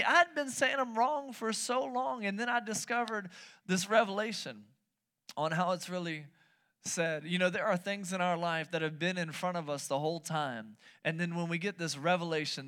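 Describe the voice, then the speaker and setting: A man preaching a sermon, playful and lively, asking the audience questions and joking between points. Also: sits high. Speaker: pastor.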